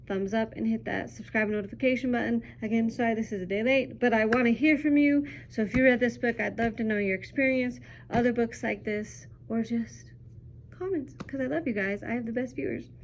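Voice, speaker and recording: A woman's voice: fairly high pitch, moderate pace, a little hiss or hum. A young woman teacher chatting casually through a children's book review, upbeat and full of ums.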